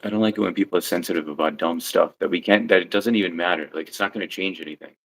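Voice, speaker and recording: A man with a very low voice co-hosting a livestream. He talks in an easygoing, agreeable way and reads viewers' comments aloud. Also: racing, vocal fry, fairly bright tone, rough recording. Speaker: livestream co-host. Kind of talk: casual livestream chat.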